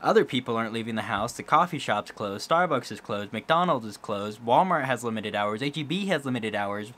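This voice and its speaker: A man's voice: mid-range voice, animated, brisk, a bit bright. Young man rambling in a vlog. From Kansas. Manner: rambling, joking. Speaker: vlogger. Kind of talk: casual vlog chat.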